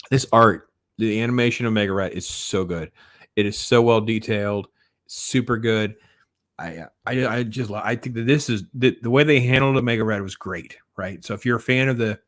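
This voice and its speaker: Excited low-voiced man reviewing a cartoon. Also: no room sound, studio quality. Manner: enthusiastic, rambling with many fillers. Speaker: show reviewer. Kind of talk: casual review commentary.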